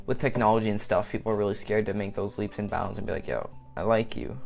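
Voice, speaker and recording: A man's voice: lowish voice, level tone, fast talker, creaky, darkish tone, faint music behind. Rambling, self-mocking young-sounding man. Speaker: vlogger. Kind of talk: casual solo monologue.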